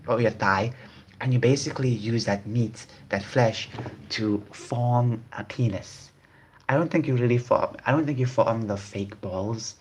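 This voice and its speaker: A man's voice: mid-range voice, slight background noise. A man hosting a casual video, commenting on online posts in a rambling way that repeats phrases. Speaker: video host.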